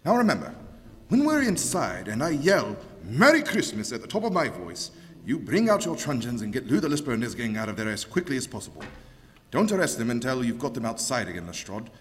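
A commanding gentleman detective. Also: medium pitch, huge pitch swings. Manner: brisk, in command, gives orders. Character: calm, commanding male master detective. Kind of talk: 1940s radio acting. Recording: reverberant old radio broadcast.

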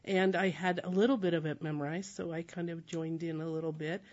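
An American woman telling a travel story in a casual, animated way, often laughing as she talks. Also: fairly low pitch, brisk. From United States. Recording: dull lo-fi recording.

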